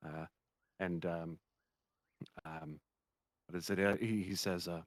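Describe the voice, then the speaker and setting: Deep-voiced man running a tabletop game. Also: fairly even intonation, no room sound. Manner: halting narration full of ums. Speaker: game master.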